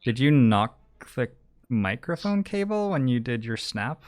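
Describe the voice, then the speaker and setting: A man's voice: medium pitch, big pitch swings, measured pace, a little mellow, dry recording, clean studio sound. A man hosting a stream, chatting in a joking, easygoing way. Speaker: host. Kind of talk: casual chat while streaming.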